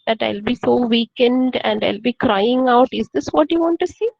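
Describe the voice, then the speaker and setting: A woman teaching a poem, reading lines slowly and then explaining them with rhetorical questions. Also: fairly high pitch, animated, gravelly, a little mellow, dry recording, dull audio. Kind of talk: poetry lesson, explaining line by line.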